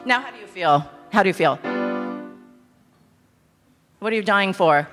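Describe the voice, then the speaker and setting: A woman in her fifties, a composer teaching a master class to a live audience, animated, candid and self-mocking. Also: mid-range voice, a little slow, long pauses, faint music behind. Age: 50s. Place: large hall with audience. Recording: echoey hall with instrument.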